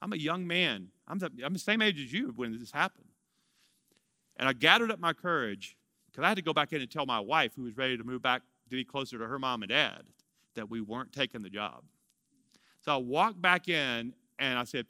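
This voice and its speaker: Man in his 50s, pastor preaching a story; ringing, very bright and smooth tone, lively delivery. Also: medium pitch, fairly quick, no echo. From Louisiana, US. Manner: animated storyteller, swings from excited to hushed. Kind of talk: sermon storytelling.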